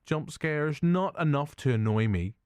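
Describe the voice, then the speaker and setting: A man's voice: a little high, expressive, measured pace, a little mellow, clear, resonant tone, no echo. A man with a Northern Irish accent hosting a film review podcast, chatting casually, joking, laughing often and swearing. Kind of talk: casual chat.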